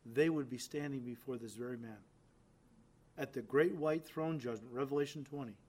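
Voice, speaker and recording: A man preaching a sermon, stressing phrases loudly and dropping to quiet, low endings, turning to the listeners and acting out quoted lines. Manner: addresses listeners directly, acts out quoted lines.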